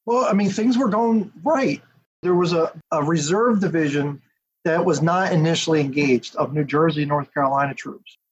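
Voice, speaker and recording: A man, an author and historian, giving a detailed, steady account as a podcast interview guest. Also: fairly high pitch, moderate pace, a little hiss or hum. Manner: detailed, steady storytelling with asides. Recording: dull lo-fi audio.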